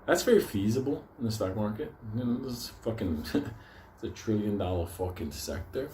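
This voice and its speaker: A man's voice: on the low side, expressive, normal speed, darkish tone, slight background noise. A man ranting casually to his viewers, swearing constantly, rambling and laughing often. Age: older. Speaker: stock market video host. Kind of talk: profane casual monologue to viewers.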